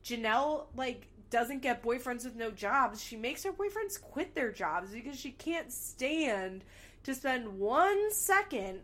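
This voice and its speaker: A young woman with a slightly high voice gives a casual gossip recap of a reality show. She is candid and sarcastic and swears freely, in an easy talking tone. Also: fairly bright tone.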